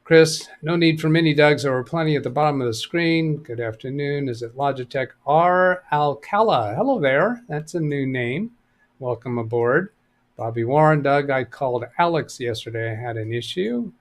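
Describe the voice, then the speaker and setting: Middle-aged man, live stream host, casual chat, reads viewer comments aloud, thinks out loud. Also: mid-range voice, animated, moderate pace. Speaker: live stream host answering computer questions.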